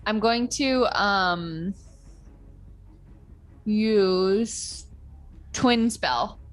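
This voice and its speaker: A woman's voice: mid-range voice, extremely slow, soft background music. A woman player declaring her moves in a tabletop game, hesitant and thinking aloud. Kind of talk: casual tabletop play.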